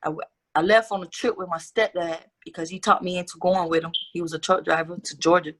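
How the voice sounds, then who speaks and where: A woman's voice: on the low side, fairly even intonation, quick pace. A young woman guest telling her life story in a casual interview, candid and profane with street slang.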